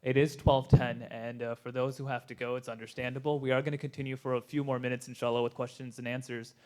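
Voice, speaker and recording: A man with a mid-pitched voice makes short housekeeping announcements as the event announcer. He keeps it brief and matter-of-fact. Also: level tone, fast, a little mellow.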